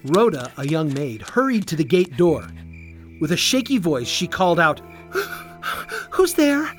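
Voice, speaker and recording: An expressive children's storyteller reading a scripted Bible tale aloud. The voice rises and falls with very lively pitch at a middling register. Faint music runs underneath. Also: moderate pace. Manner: animated, expressive read-aloud.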